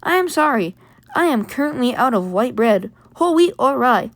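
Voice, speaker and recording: A woman's voice: on the high side, very animated, normal speed, dry recording. A woman voicing a small, polite male breakfast robot who talks in a formal, precise way. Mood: eager, polite.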